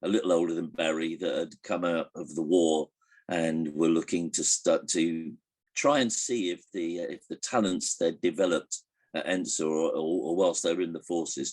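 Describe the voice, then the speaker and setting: Older man, low husky voice, rambling anecdotal interview answers. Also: a little mellow. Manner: hesitant, many restarts, chuckles while telling jokes. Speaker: interviewee recalling a comedian.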